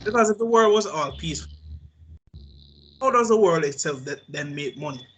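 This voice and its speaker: A slightly high-voiced man in a casual podcast chat, blunt and contrarian as he pushes back. Faint noise hums under his voice. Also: expressive, moderate pace, fairly bright tone, poor audio. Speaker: podcast co-host. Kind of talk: casual discussion.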